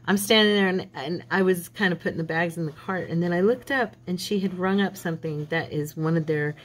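A woman's voice: lowish voice, a little fast, poor audio. A woman hosting a craft channel, chatting and rambling through a story while she works at a home craft table. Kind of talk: casual chat while crafting.

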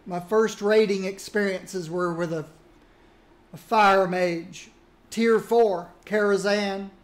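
A man casually reminiscing about old games while he plays, musing aloud in a relaxed way. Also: sits high, slow pace. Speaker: gaming streamer. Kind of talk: casual commentary while playing.

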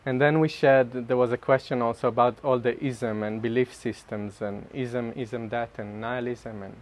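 A man giving a personal spiritual talk to a group, animated and self-mocking, often laughing mid-sentence. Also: medium pitch, normal speed. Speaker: speaker sharing at a group retreat.

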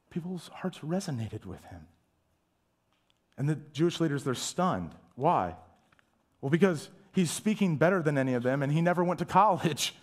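A male pastor preaching a sermon, emphatic, asking rhetorical questions and dropping to a hush at times. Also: fairly high pitch. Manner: dramatic shifts from loud to hushed, whispering asides.

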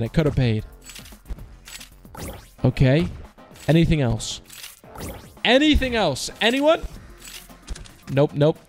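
A young man in his twenties giving excitable, casual commentary as he plays an online slot, groaning at losses and shouting at wins. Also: fairly high pitch. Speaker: slot streamer.

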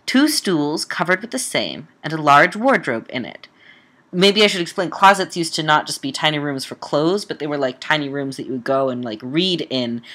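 Woman reading a Gothic novel, lively pitch. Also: moderate pace. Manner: dramatic reading broken by wry, casual comments. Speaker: audiobook reader and podcast host.

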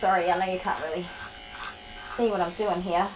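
A woman's voice: on the low side, fairly even intonation, fairly quick, noisy background. A tired woman, a dog groomer chatting casually to the camera on a tripod while soothing a dog. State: tired, sore back. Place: grooming room. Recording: clippers buzzing behind.

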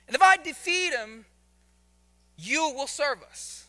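A male preacher voicing a boastful giant warrior who shouts a slow, taunting challenge. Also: very high voice, lively intonation, exaggerated voice.

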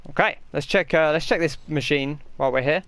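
A man's voice: on the high side, fairly quick, fairly bright tone, no room sound. A man giving chatty, rambling gameplay commentary and answering his chat as he plays. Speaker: gaming host.

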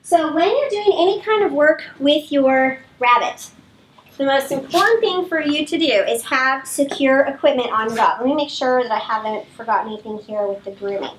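High-voiced woman trainer, heard from off the mic. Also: moderate pace, distant mic, slight background noise, poor audio. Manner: calm, firm commands to dogs mixed with explanation. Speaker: dog trainer. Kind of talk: live training demonstration.

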